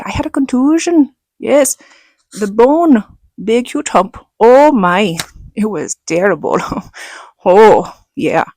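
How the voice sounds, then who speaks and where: A middle-aged woman telling a personal story in a casual vlog, animated and laughing, acting out what others said. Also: mid-range voice, slow pace, no room sound. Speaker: vlogger.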